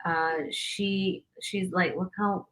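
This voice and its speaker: A woman's voice: fairly low pitch, fairly even intonation, slow, a bit bright, slight background noise. A woman hosting a podcast, chatting in an encouraging way and laughing often. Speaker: podcast host. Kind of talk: casual podcast interview.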